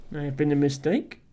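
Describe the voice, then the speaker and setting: A woman's voice: deep voice, dark tone. A woman streamer playing a game live, chatting casually, laughing often and reading game text aloud.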